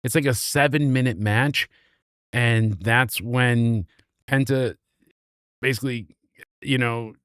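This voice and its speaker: A man recapping a wrestling show in a casual, animated, sarcastic way, swearing freely. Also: medium pitch, slow, pauses often, smooth, no room sound, studio quality.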